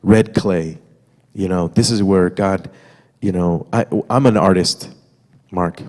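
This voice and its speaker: A man giving his testimony alongside his wife as a guest speaker addresses the congregation easily and conversationally, dropping fillers and side remarks. He sits low, takes his time and has a darkish tone, with the reverberant church sanctuary audible around him.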